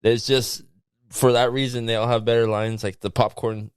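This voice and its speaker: A man's voice: mid-range voice, level tone, normal speed, clear, resonant tone, no room sound. A man in a casual movie chat, talking in a laid-back way and swearing often.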